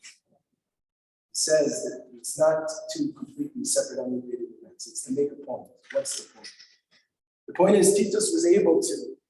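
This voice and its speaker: A man's voice: on the high side, animated, moderate pace, dark tone. A man, a rabbi, explaining liturgical lament poems in an earnest, emotional storytelling manner in a synagogue sanctuary. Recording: very echoey hall from far off.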